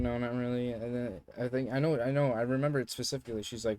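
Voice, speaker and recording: A man's voice: mid-range voice, flat delivery, fast, few pauses, darkish tone. A young man telling a story in a casual vlog, rambling and joking, with some swearing. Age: young adult. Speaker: vlogger.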